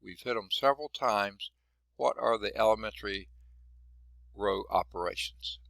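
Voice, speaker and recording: A man's voice: on the low side, normal speed, vocal fry, a bit bright, no room sound. A man teaching a math class in a folksy, chatty way, quizzing students and noting he is losing his voice. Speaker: math instructor. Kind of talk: classroom lecture.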